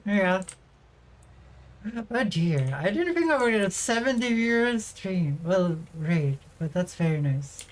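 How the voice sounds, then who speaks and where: A woman's voice: medium pitch, big pitch swings, a little slow, poor audio. A young adult woman livestreaming as a VTuber, chatting casually and giggling as she reads and answers her viewers' messages.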